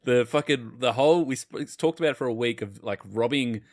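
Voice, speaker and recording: A man's voice: medium pitch, fairly quick, dry recording. Aussie guy on a podcast, mid voice, dry close sound, swears a lot and acts out everyone in his stories. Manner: animated storyteller, swears freely, acts out others' lines. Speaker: podcast co-host. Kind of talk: casual chat.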